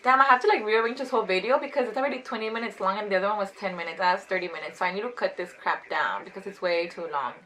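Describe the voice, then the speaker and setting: A woman in her twenties telling a casual storytime vlog, chatty and animated, saying "like" constantly. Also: mid-range voice, rough recording. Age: 20s. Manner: chatty, fast, heavy use of "like", animated retelling. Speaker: vlogger.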